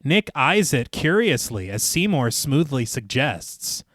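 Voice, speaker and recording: Lively man recapping a film. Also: medium pitch, takes it slowly, no echo, clean studio sound. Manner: lively, reads plot recap then jokes. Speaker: podcast host recapping a film. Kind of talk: casual chat and film recap narration.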